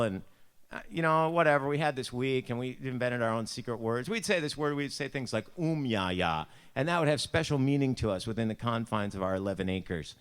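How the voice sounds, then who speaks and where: A man's voice: mid-range voice, bright, forceful tone, clean tone. A man from Buffalo, New York, with a Buffalo accent, telling a self-mocking personal story in a church devotion. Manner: chatty, self-mocking, acts out voices in his anecdotes.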